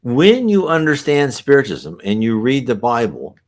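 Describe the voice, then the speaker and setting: A man's voice: medium pitch, huge pitch swings, normal speed. A man reading a book aloud and breaking off into conversational asides, with many restarts. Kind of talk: reading with commentary.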